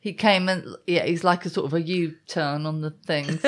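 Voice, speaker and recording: A woman's voice: deep voice, fairly even intonation, moderate pace. A woman in her fifties, co-hosting a casual chat and telling self-mocking stories in a wry way. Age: 50s. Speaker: podcast co-host.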